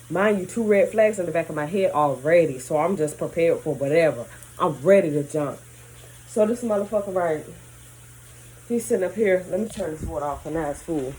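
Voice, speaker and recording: Animated, cussing woman telling a story. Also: fairly low pitch, noisy background. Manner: animated, profane, emphatic. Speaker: vlogger. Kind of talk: casual storytime. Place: at home, near a running tap.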